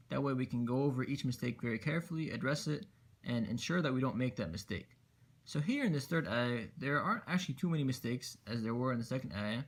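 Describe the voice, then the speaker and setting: A man gives a step-by-step recitation lesson. His pitch sits in an ordinary middle range. He is patient and methodical, and he repeats sounds so learners can follow. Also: gravelly, husky. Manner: patient, explanatory, repeats letters for emphasis. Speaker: Quran recitation teacher.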